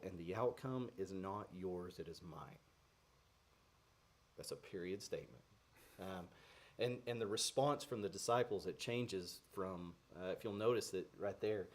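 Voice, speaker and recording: A man's voice: on the low side, a little mellow. A man giving an earnest, conversational devotional talk on faith, with frequent fillers and restarts. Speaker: Christian devotional speaker. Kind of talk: casual devotional teaching.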